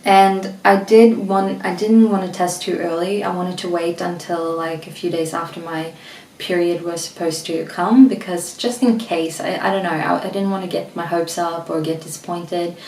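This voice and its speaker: Speaking in a Swedish accent, this young vlogger talks casually at normal speed with a flat delivery, her lowish voice a little mellow. She's a bit out of breath and meanders with many fillers and false starts. The mic sits back in an echoey room, picking up a little hiss or hum.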